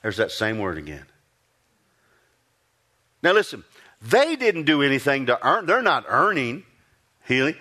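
Animated male preacher. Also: a little slow, pauses often. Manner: conversational preaching with rhetorical questions; animated, rising pitch for emphasis. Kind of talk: sermon.

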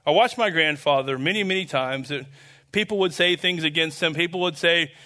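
A man's voice: a little high, brisk, sharp tone. A man preaching a conversational sermon, earnest and rambling, full of restarts and fillers, building to emphatic declarations. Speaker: pastor.

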